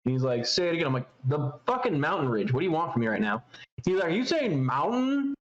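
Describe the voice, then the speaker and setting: A man's voice: mid-range voice, fast, echoey room. Swearing storyteller man from Utah. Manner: profane, animated storyteller. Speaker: podcast co-host. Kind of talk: casual chat. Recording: slightly dull, lo-fi sound.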